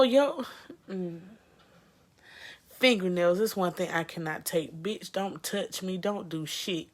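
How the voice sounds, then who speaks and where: A woman friend weighs in with emphatic, disgusted commentary, swearing freely. Her voice sits a little low for a woman. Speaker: best friend guest. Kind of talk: casual commentary.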